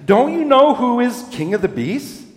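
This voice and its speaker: A man's voice: very high-pitched, very animated, measured pace, reverberant, in a large hall, pitched above the performer's own voice, heavily acted. A man reading aloud as a stern, motherly female beaver from a storybook.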